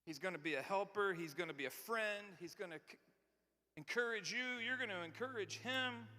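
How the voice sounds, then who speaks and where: A man preaching a sermon in a large church. He talks conversationally and swings from loud, emphatic lines to hushed, near-whispered ones. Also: high voice, brisk. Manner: conversational, repeats and restarts words. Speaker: pastor. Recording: long hall reverb.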